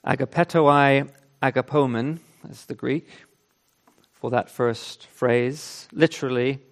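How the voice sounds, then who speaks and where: A man's voice: mid-range voice, fairly even intonation, takes it slowly. A man preaching a sermon, reading scripture with emphasis and then explaining it in an earnest, conversational way. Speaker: pastor.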